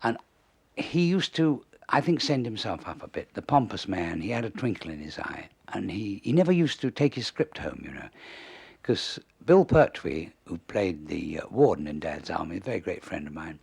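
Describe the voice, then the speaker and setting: An older man with a gravelly, husky voice, spinning lively anecdotes as an interview guest. He tells his stories with relish and chuckles along at them. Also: deep voice, normal speed. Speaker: comedy writer, interview guest. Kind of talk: anecdotal storytelling.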